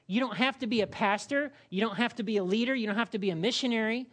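A male pastor with a high-pitched, fast, somewhat bright voice delivers a sermon. His style is conversational and humorous, and he frequently checks in with the congregation by asking "all right?"

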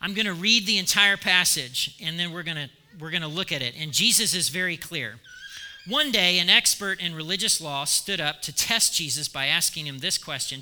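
Animated, bright-voiced man preaching in a reverberant church. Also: fairly high pitch, normal speed. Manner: animated storytelling with emphatic repetition. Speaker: pastor. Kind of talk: sermon.

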